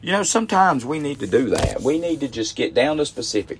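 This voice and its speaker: A man's voice: medium pitch, very animated, fairly quick, hardly any pauses, a little hiss or hum. A middle-aged man preaching a midweek sermon, emphatic and repeating phrases for stress.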